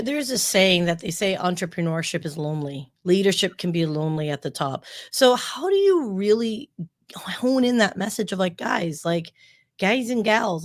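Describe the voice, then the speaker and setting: A woman hosting a podcast interview, asking long, rambling questions in a bubbly, laughing manner. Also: mid-range voice. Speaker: podcast host. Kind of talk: casual interview chat.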